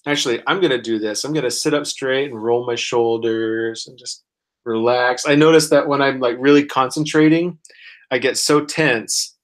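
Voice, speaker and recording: A man teaching pronunciation one-on-one, encouraging and full of praise, modeling each word very slowly while sick and clearing his throat. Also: mid-range voice. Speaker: language teacher.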